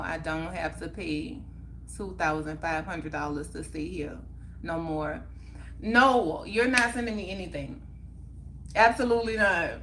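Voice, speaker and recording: Bright-voiced heartfelt woman livestreamer. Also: mid-range voice. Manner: emphatic, heartfelt, repeats phrases for emphasis. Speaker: livestream host. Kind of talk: casual livestream chat.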